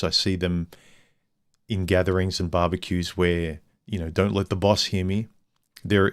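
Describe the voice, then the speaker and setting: Low-voiced man rambling on a livestream. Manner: candid, rambling, blunt. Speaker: livestream host. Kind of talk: casual livestream monologue.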